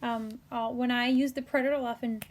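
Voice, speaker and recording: A woman teaching a recorded Spanish grammar lesson, spelling out endings carefully, with playful asides and quick self-corrections. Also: fairly high pitch, fairly even intonation.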